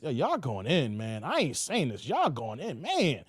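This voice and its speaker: A man's voice: a little high, huge pitch swings, normal speed, breathy edge, no room sound, studio quality. A man hosting a livestream, reading viewer comments aloud and reacting in laid-back slang. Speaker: livestream host.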